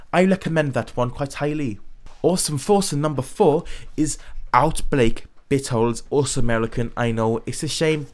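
A man playing a crude, irreverent nun who hosts a comedy web show, talking with a British accent in a rambling, deadpan, sweary monologue. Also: mid-range voice, lightly acted. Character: irreverent crude middle-aged nun host. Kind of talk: scripted comic monologue.

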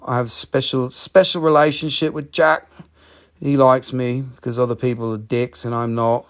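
A man hosting a live crystal sale, talking in an excitable, profane way with sudden jumps in pitch. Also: normal speed. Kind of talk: excited live sales chat.

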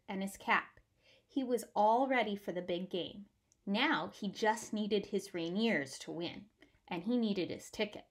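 A woman reading a children's picture book aloud with warm, expressive storytelling. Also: medium pitch. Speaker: storybook reader.

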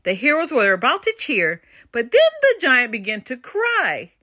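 An older woman reads a children's storybook aloud, full of expression. Her voice is bright and lively, a bit high for a woman, and recorded close and dry. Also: moderate pace, no room sound. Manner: expressive and animated. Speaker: storybook reader. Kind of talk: children's read-aloud narration.

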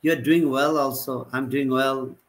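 A man teaching a live online class, repeating example sentences with a halting delivery. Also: mid-range voice, steady tone, poor audio. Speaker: English teacher.

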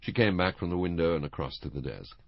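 A man narrating an audiobook in the first person, measured and steady. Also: sits low, creaky, dry recording, highs cut off.

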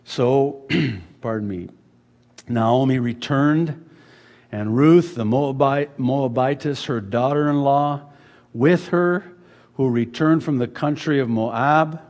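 A man preaching a sermon as pastor, dropping to hushed words and rising to loud emphasis. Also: mid-range voice, slow, in a large hall. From USA. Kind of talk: expository sermon. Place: church sanctuary.

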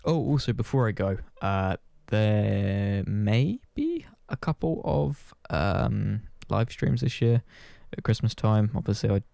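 Low gravelly man rambling. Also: very animated, slow, few pauses, mellow, no room sound. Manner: rambling, self-deprecating, swears casually. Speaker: gaming channel host. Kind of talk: casual chat to camera.

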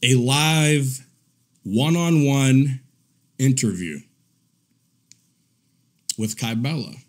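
A man hosts a profane live commentary stream, speaking extremely slowly. Mocking and crude, he laughs at his own jabs and swings between low muttering and loud, indignant rants.

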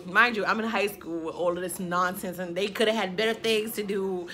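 A young woman in her twenties spins a storytime for her viewers in a loose, chatty way. She tells it dramatically, padding it with filler phrases, in a voice of ordinary middle pitch. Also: fairly even intonation, a little fast, fairly bright tone. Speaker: vlogger. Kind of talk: casual storytime chat.

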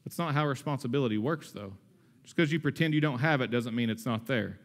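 A man in his thirties preaching a sermon in a conversational, energetic way, with asides and humor. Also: medium pitch, fast. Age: 30s. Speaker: pastor.

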